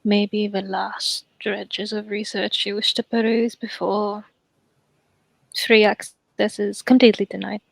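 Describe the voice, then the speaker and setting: A man voicing Solomon, a polite scholar who speaks formally and precisely, pitched well above his own voice. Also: flat delivery, measured pace, creaky, dry recording, full character voice. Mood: insistent.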